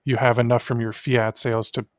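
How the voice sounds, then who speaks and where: A man co-hosting a casual podcast who talks bluntly and swears freely. He hands out offhand advice in a middle-pitched voice, recorded dry and close. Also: level tone, a little fast, no room sound. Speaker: podcast co-host.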